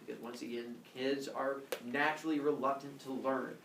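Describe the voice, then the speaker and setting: A male teacher giving a jokey, animated lecture to his class. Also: medium pitch, moderate pace, background noise. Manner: jokey, animated, lots of uh fillers and voices. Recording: echoey classroom, camera far off.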